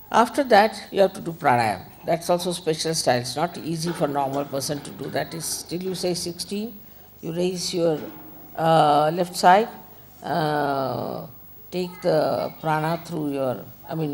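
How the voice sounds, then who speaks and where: A woman's voice: low-pitched, creaky, darkish tone, slight background noise. An older woman giving an informal spiritual talk, conversational and admonishing, with frequent asides. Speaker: spiritual teacher.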